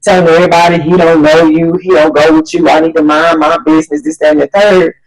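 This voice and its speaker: A woman's voice: low voice, level tone, fast, darkish tone, faint music behind, close to an everyday voice, low-quality recording. A woman voicing a chatty teen girlfriend who eagerly passes on gossip in slang.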